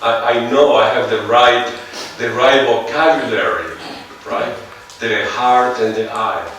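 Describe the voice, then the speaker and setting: A man with a non-native English accent giving a seminar lecture, musing slowly and often putting rhetorical questions to his audience. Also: mid-range voice, a bit bright, a little hiss or hum. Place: large lecture hall. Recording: echoey hall, heard from far off.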